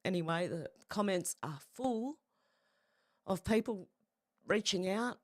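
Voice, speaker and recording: Lively emotional woman streamer. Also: medium pitch, slow pace, no echo, clean studio sound. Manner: emotional, breaks into soft singing. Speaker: live stream host. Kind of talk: casual live stream chat.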